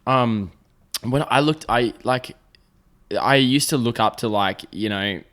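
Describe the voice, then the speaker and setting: A man's voice: mid-range voice, slow pace, a bit bright. A young Australian man hosting a podcast, chatting casually with lots of slang and swearing. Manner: swearing, laid-back slang. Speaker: podcast host; teacher. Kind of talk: casual chat.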